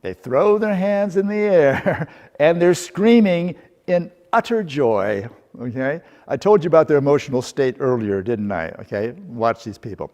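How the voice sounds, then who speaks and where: Middle-aged man, workshop lecture, playful storytelling, rhetorical questions, slightly high voice, long hall reverb. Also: expressive, a little slow, darkish tone. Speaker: workshop presenter. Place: seminar room.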